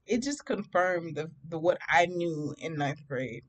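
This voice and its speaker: A woman in her thirties from Detroit telling a personal story in a casual, animated way, often laughing and acting out both sides of the conversations. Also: sits low, measured pace. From Detroit, USA. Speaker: storytime vlogger.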